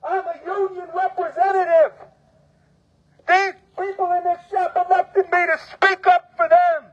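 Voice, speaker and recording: Union steward, male, very high voice, preachy fiery rant with shouting, lo-fi phone-like sound. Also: little pitch movement, unhurried. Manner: fiery and preaching, repeats phrases, often shouts. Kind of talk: impassioned protest speech. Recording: tinny phone-like audio.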